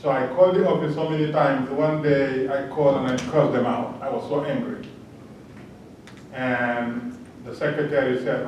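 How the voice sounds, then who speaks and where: A man's voice: fairly even intonation, normal speed, a little mellow. A man giving a public talk as a panel respondent, telling a personal story in an earnest way and chuckling at his own jokes. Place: large lecture hall. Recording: echoey hall from a distance, faint rumble.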